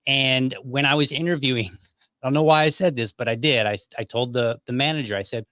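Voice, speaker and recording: Relaxed, chatty male podcast host. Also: medium pitch, brisk, no echo, studio quality. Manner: relaxed, chatty, many "you know" fillers. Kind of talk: casual conversation.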